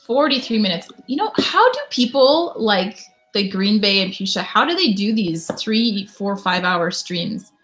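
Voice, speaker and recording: A woman chatting on her own during a live stream, reading and answering viewer comments in a relaxed, offhand way. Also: medium pitch, unhurried, hardly any pauses. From Canada. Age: adult parent. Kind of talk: casual live stream chat.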